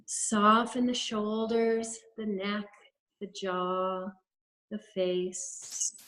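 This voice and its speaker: Over a webinar video call, a woman who practices holistic health guides a breathing exercise with gentle, step-by-step instructions. Her voice is on the high side, and the recording quality is low.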